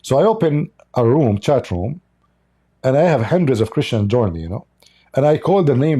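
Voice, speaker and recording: A man's voice: medium pitch, very animated, moderate pace, mellow, husky. A man hosting a livestream, talking in a mocking, sarcastic way in non-native English. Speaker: livestream host. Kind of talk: livestream polemic commentary.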